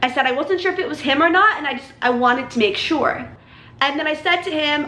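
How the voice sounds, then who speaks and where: Young woman, high bright voice, excitable storytelling, lots of "like", swears, echoey room. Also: a little fast. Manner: excitable, heavy use of "like", swears freely. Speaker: vlogger. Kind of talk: casual storytelling.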